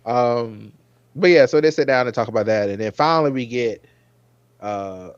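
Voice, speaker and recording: A man hosting a casual review chat, rambling and getting animated when he recalls his own reactions. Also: mid-range voice, moderate pace, clean tone, no room sound, lo-fi sound. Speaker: podcast host.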